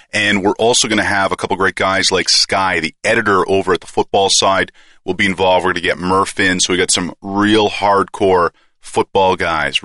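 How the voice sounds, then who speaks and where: A man's voice: deep voice, bright, forceful tone, no echo, clean studio sound. A man with a Canadian accent hosting a casual fantasy sports podcast, joking and ribbing his guest. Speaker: podcast host.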